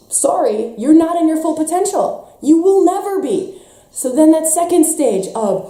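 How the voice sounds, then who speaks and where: Woman workshop teacher, stuffy nose, fierce and emphatic delivery, high mellow voice, roomy echo. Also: lively intonation, moderate pace. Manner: intense and emphatic, with mocking put-on quotes. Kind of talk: impassioned teaching talk.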